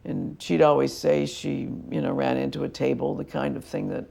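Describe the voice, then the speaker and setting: An older woman recalling her past in a documentary interview, speaking in a measured, plain way with small pauses. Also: a bass voice, lively intonation, gravelly, warm tone.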